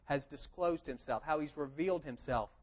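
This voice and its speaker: A man preaching a sermon, telling the story in a lively conversational way and asking rhetorical questions. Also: on the high side, normal speed. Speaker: pastor. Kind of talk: expository sermon.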